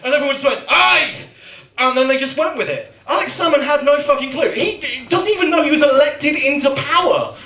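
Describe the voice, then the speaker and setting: Young West Midlands comic, crude and self-mocking; high, bright voice, roomy and distant. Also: male voice, fast, few pauses. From West Midlands, England. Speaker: stand-up comedian and host. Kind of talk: stand-up comedy. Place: comedy night at a cinema venue. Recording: echoey venue, mic heard from afar.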